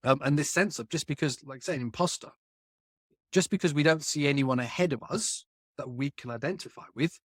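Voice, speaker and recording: Male author in casual conversation. Animated and emphatic, with a fairly high voice and a dry, close sound. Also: fairly quick, breathy edge, no echo. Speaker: author and guest.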